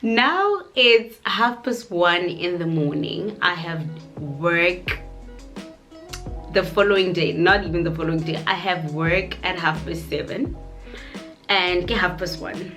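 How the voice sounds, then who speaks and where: A young South African woman with a low-pitched voice and a South African accent tells a story to the camera in a relaxed, chatty manner. She is animated and expressive, and faint music plays softly underneath. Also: takes it slowly. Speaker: YouTuber. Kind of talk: casual storytime. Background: faint background music.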